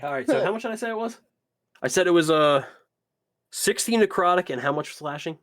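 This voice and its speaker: A man running a tabletop game as game master, narrating in an animated, casual and profane way. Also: high voice, brisk.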